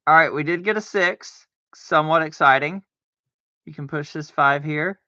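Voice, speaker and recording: A man streams a solitaire game, talking to himself in casual commentary, arguing with himself and letting out mock-scared outbursts. His voice is on the high side, bright and forceful, at a moderate pace. The recording is dull, lo-fi and dry with no echo.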